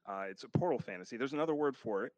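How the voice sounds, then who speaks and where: A man's voice: mid-range voice, animated, very fast, no room sound. A man, a guest author, talking casually in an interview, rambling a little with fillers and restarts.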